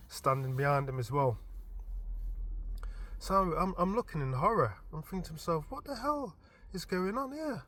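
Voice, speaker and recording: A man casually telling a story from his dream as a vlogger, animated and informal, often stumbling and restarting his words. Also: mid-range voice. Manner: animated retelling with frequent stammered restarts; informal and chatty.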